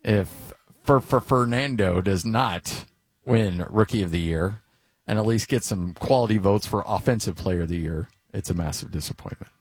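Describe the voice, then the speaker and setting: A man's voice: on the low side, normal speed, breathy edge, no room sound. A middle-aged man hosting a sports talk show, telling stories in a casual, rambling way with lots of filler words. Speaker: sports radio host.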